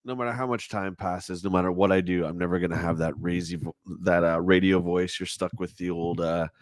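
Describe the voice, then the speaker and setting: A middle-aged man with a nasal voice, hosting a casual morning livestream chat in a relaxed, chatty way. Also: low voice, a little fast, dry recording. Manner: relaxed, chatty, laughs easily. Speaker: livestream host.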